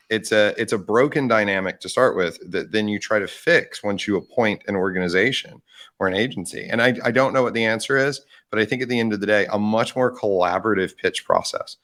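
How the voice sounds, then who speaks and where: A man's voice: on the low side, a bit bright. A man co-hosting a podcast in casual chat, thoughtful and hedging his points. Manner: thoughtful, hedging with "I think" and restarts. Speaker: podcast co-host.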